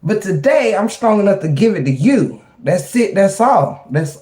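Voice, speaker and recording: Chatting casually with viewers, a livestream host laughs often, greets chat members by name, and drifts into preachy, motivational talk. The voice is medium-pitched, sing-song, and a little mellow at a moderate pace, picked up by a webcam or phone mic in a roomy space.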